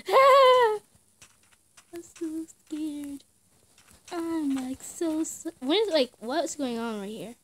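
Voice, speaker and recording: A woman's voice: sits high, expressive, very slow, long pauses, a bit bright. A young woman giving casual gameplay commentary in short outbursts, often screaming and laughing. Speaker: gamer.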